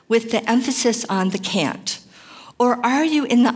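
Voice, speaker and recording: A woman's voice: on the high side, lively intonation, normal speed, breathy edge, big-room sound. A woman giving an earnest, emphatic chapel sermon that mixes scripture with personal testimony. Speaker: chapel speaker.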